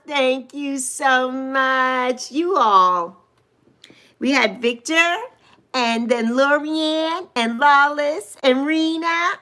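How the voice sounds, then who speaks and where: This is a woman in her sixties hosting a casual livestream, her voice high and bright. She is unhurried and gushes with excitement, her pitch leaping around as she greets viewers one by one. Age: 60s. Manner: effusive, greets viewers by name with squeals of delight. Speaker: livestream host.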